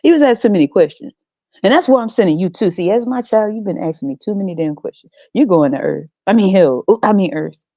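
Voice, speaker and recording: A woman's voice: mid-range voice, expressive, fast, dark tone, dry recording, muffled recording. A woman doing a swaggering, trash-talking God. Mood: taunting. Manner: swaggering slangy trash talk, teasing and blunt. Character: brash, mocking male God sending a soul to earth. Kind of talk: comedic podcast skit.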